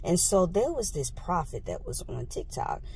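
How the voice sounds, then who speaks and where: A woman vlogger telling a casual story into a handheld phone, animated and exclaiming, laughing often. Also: on the low side, normal speed, gravelly, a little hiss or hum. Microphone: phone held in hand.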